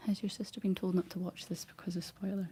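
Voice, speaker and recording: A young Scottish woman whispering soft ASMR chat, rambling gently to her viewers while she paints, close on the mic. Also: fairly low pitch, flat delivery, fast talker, slight background noise. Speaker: ASMR livestream host.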